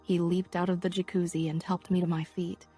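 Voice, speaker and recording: A woman reading a first-person romance audiobook in a soft, half-whispered, unhurried way, with faint music behind her. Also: fairly low pitch, level tone, breathy edge. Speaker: audiobook narrator.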